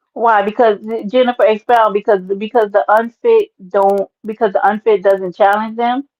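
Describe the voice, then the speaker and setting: A woman hosting a casual livestream, talking loudly and lively to her chat, calling viewers by name and swearing freely. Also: medium pitch, narrow, tinny audio. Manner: loud, animated, talks to chat by name, swears. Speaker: livestream host.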